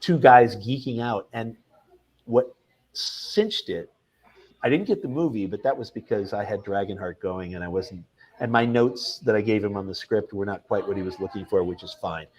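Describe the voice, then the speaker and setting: A man's voice: on the low side, normal speed, poor audio. A man, a film director guest in an interview, telling anecdotes animatedly, acting out what people said and often restarting his sentences. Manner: animated, acts out quoted people, frequent restarts.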